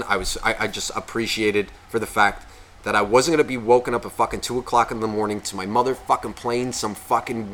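A man's voice: fairly bright tone, slight background noise. A man co-hosting a podcast, telling rambling, profane stories in casual comedic chat. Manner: mimics relatives in a high, gushing voice. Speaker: podcast co-host.

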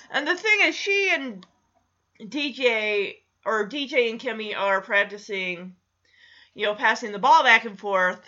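A woman's voice: a little high, expressive, measured pace, pushed and bright, highs cut off. A woman chatting casually through a TV episode recap, playfully acting out the characters' lines. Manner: chatty, acts out quotes, laughs often.

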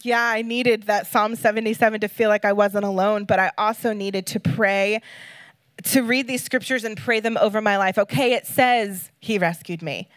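A woman's voice: medium pitch, fairly even intonation, normal speed, no room sound. A woman guest speaker giving an earnest, emotional sermon, reading scripture and talking casually with fillers.

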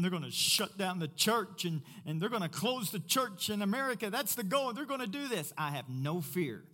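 Emphatic high-voiced pastor, echoing hall. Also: male voice, fairly bright tone. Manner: emphatic, repeats key points. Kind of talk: sermon.

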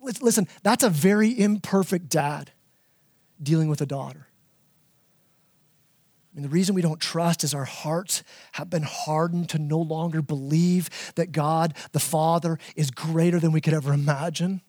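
Animated high-voiced male pastor preaching. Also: normal speed, no echo, studio quality. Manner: animated, repeats words, acts out his kids in a high voice. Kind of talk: sermon.

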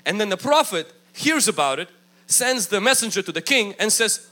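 Male pastor preaching: high, animated and bright, emphatic, acts out quoted voices. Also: moderate pace. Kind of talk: sermon.

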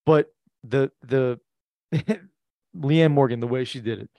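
A man's voice: medium pitch, takes it slowly, darkish tone, no room sound. A man co-hosting a podcast, rambling casually about a comedy special, with frequent restarts and easy laughs. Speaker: podcast co-host. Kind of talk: casual chat reviewing comedy.

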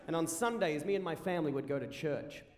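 A young Australian man telling an animated stand-up story on stage, raising his voice at the punchlines. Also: a little high, fast talker. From rural South Australia. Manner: animated, rising to shouts at punchlines. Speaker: stand-up comedian. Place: live comedy venue. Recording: roomy live venue.

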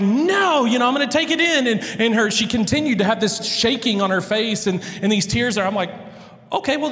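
High-voiced pastor in a reverberant hall. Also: male voice, a bit bright. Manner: rambling, chatty, many restarts and fillers. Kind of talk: casual storytelling sermon. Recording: long reverb of a large hall.

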